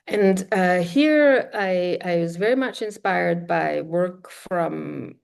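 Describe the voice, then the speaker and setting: Lecturing woman with a low-pitched voice. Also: expressive, takes it slowly, vocal fry, clean tone. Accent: German-speaking European. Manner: explanatory, many fillers and self-corrections; acts out short quoted exchanges. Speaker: linguistics lecturer. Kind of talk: academic lecture.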